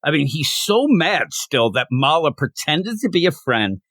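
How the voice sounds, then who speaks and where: A man in casual chat, retelling a comic book's plot and now and then acting out the characters' lines with big jumps in pitch. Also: a little slow, no echo. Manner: animated, acts out quotes with big pitch jumps. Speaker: comic book reviewer, co-host.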